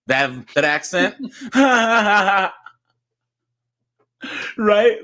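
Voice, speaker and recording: A man's voice: fairly high pitch, unhurried, bright, forceful tone. A young man hosting a live reaction stream, chatting loosely with his viewers and laughing often. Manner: chatty, laughing, addresses chat as guys and dude. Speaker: reaction video host. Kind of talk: casual live-stream commentary.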